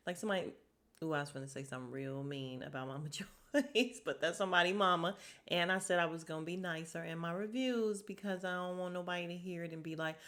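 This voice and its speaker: A woman's voice: fairly low pitch, moderate pace, a bit bright. Sassy woman recapping a reality show. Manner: sassy, chatty, laughs often. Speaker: podcast host.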